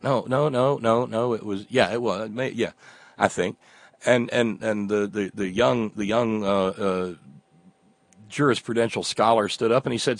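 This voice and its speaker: A man's voice: fairly low pitch, lively intonation, moderate pace, a bit bright, no echo. A man delivering a sarcastic satirical monologue as a commentator, often restarting his words.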